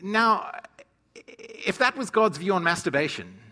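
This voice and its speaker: Male preacher, slightly high, bright tone, animated storyteller teaching scripture with humor. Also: unhurried. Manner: animated storyteller who acts out quotes.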